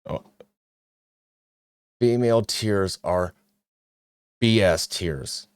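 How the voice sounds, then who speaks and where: A man's voice: low voice, no echo. A male podcast host reading points off a list and reacting with sarcastic, mocking asides.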